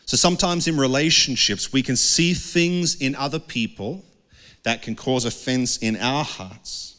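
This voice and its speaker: A man's voice: mid-range voice, a little slow, pushed and bright. Man preaching in a reverberant hall. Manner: earnest, acts out quoted voices. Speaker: pastor. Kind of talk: conversational sermon.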